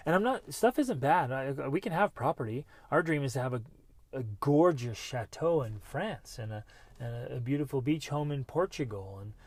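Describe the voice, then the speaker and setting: A middle-aged man hosting a motivational podcast, talking earnestly and breaking into bursts of excitement. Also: fairly high pitch, no echo. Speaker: podcast host.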